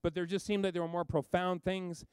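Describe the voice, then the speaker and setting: A man delivers a sermon in a smooth, resonant voice that sits a little high for a man. He rambles through the story, jumping into the people's voices and back out again. The sound is close and dry. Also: brisk, dry recording. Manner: animated storytelling, acts out characters, rambling asides. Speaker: pastor.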